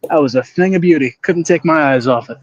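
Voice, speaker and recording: A young man co-hosting a sports podcast with a wisecracking, teasing manner and a fairly high voice. The sound is dry and a little dull, as if from a lo-fi mic. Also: brisk, no echo. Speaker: podcast co-host. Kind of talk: casual chat.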